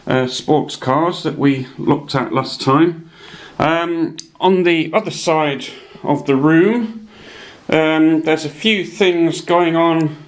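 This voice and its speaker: Man, hobby builder, casual show-and-tell, meandering, lots of ums. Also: medium pitch. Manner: meandering, many ums and uhs.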